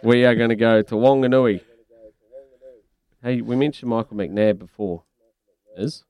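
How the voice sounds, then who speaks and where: A man's voice: mid-range voice, unhurried, darkish tone, clean tone. A man hosting breakfast radio from a studio, chatty and laughing often. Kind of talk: casual radio banter.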